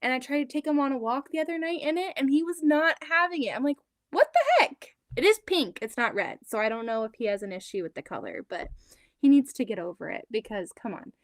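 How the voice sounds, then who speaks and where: A woman's voice: sits high, lively intonation, quick pace, no room sound, clean studio sound. A woman in her thirties chatting casually on a home quilting livestream, rambling about her kids and reading out viewer comments. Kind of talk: casual chat on a live stream. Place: home sewing room.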